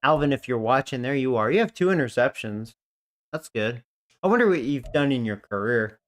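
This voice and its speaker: A man's voice: medium pitch, animated, a little fast. A man casually commentating a video game, rambling and joking with frequent laughs. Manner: rambling, jokey, laughs often. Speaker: gaming streamer.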